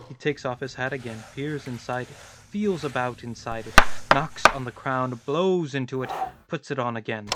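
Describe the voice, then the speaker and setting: A man narrating the stage directions of a radio play in a plain, measured reading. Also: medium pitch, very noisy.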